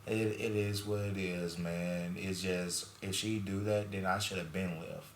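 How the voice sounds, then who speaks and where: A young man with a very low voice tells a personal story in loose, slangy chat. He sounds like a podcast host giving frank advice. The room is echoey, with a faint hiss behind him. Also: fairly even intonation, unhurried. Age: young adult. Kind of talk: casual chat.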